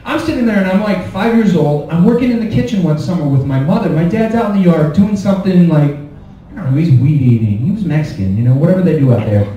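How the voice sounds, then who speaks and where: Lively high-voiced stand-up comic. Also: male voice, quick pace, very echoey, recorded from a distance, dull audio. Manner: animated storytelling, acting out scenes. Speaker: stand-up comedian. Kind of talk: stand-up comedy set.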